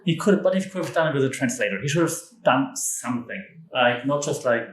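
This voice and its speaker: Brief: European man, solo podcast host, mid-pitched, excitable and joking, recorded in an echoey room. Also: a little fast. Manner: enthusiastic, emphatic, jokey asides. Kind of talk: casual solo podcast monologue.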